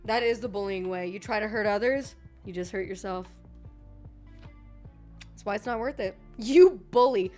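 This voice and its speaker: A woman's voice: medium pitch, normal speed, pauses often, darkish tone, faint music behind. A woman streamer chatting casually while reacting to a video, playful, swearing and laughing a lot.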